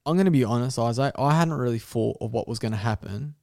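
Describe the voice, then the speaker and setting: A young man telling an animal story with animated energy, swearing and laughing as he goes. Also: medium pitch, fast talker, creaky. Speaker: guest storyteller. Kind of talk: casual podcast storytelling.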